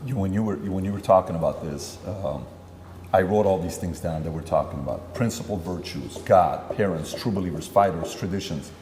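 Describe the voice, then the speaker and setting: Lower-voiced rambling male interview host. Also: normal speed, a little mellow, big-room sound, a little hiss or hum. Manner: rambling, acts out dialogue, many fillers. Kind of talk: conversational interview questions.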